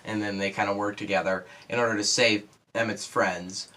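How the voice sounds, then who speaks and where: A teenage boy giving a casual spoiler review of a movie, rambling with lots of fillers and quick asides. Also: fairly low pitch, steady tone, bright, forceful tone. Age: teens.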